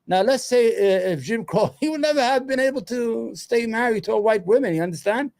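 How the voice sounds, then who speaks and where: A man's voice: extremely high pitch, expressive, brisk, gravelly, a little mellow. A man hosting his own commentary show, talking loosely and profanely, muttering to himself as he searches for things between points. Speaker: solo commentary host. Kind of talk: rambling casual commentary.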